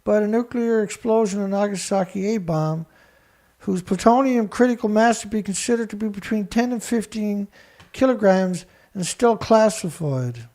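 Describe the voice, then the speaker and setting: A man hosting a show, reading research text aloud haltingly and breaking in with scornful remarks to an absent critic. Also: high-pitched, a little mellow. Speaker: show host. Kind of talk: reading documents aloud with commentary.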